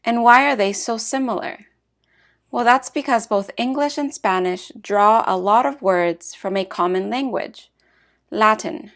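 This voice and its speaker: A woman narrating a scripted language lesson with clear, measured explanations. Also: on the high side, fairly bright tone. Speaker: language teacher.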